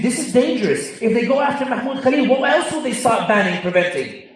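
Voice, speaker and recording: Londoner telling stories in an echoey hall. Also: male voice, high voice. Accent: London English. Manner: humorous storyteller, quick asides. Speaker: speaker. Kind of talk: storytelling talk to a live audience. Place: large convention hall. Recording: echoey hall, mic at a distance.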